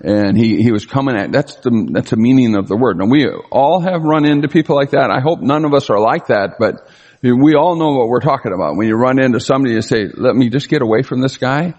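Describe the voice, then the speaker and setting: Man, preacher, Bible teaching, slows to stress key words, long hall reverb. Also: mid-range voice, animated, darkish tone, dull audio. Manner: reads scripture aloud and explains it, slows down to stress key words.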